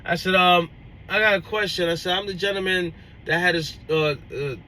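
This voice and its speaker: A young man with a bright, forceful voice that sits a little high for a man. He is telling a story in a casual vlog and acting out both sides of the dialogue as he goes. His delivery is animated and full of restarts. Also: moderate pace, slight background noise, poor audio. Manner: animated retelling, acts out dialogue, many restarts. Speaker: owner-operator truck driver.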